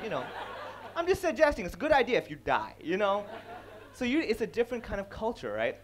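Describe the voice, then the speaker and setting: Animated man on stage, lively pitch. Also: fast talker. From India. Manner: animated, acts out other people's lines, laughs at own jokes. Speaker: stand-up comedian giving a talk. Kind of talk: stage talk on comedy, switching between English and Cantonese.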